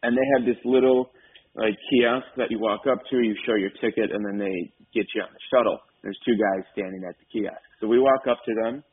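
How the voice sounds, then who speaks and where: Man co-host, husky, rambling storyteller, over a thin phone-like radio line. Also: lowish voice, fairly even intonation, a little fast. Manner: rambling storyteller, many fillers. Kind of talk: casual chat. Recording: tinny phone-like radio audio.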